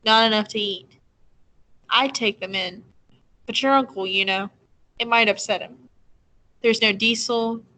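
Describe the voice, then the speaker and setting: A woman reading a novel aloud, voicing a brisk, chatty old woman who fusses over her guests. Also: on the high side, pushed and bright, poor audio. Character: brisk kindly old woman, low pebbly voice.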